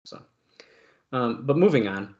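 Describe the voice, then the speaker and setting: A man's voice: medium pitch, animated, measured pace, a little mellow. New guy on a podcast reading news off a page, ums and asides, kinda dull muffled audio. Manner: reads long news passages with filler and asides. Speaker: podcast co-host. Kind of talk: casual podcast chat, reading news aloud.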